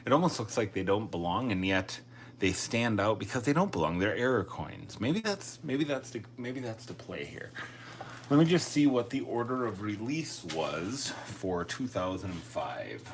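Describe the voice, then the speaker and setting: A man's voice: lowish voice, very animated, normal speed, a little hiss or hum. A man chatting casually on a live stream, thinking aloud and joking at his own expense. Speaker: coin collecting live streamer.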